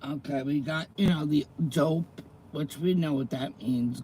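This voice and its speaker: A man's voice: mid-range voice, animated, moderate pace, warm tone, a little hiss or hum, poor audio. A middle-aged man hosting a casual livestream, chatting with viewers, greeting them by name and reading slang terms aloud. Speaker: livestream host.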